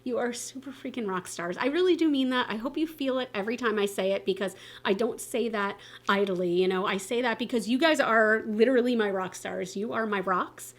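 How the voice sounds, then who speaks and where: A woman in her thirties chats to her viewers as a beauty vlogger, her voice sitting a little high. She talks in a loose, animated way, full of casual fillers and playful asides. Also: brisk, hardly any pauses. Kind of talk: casual chat to camera.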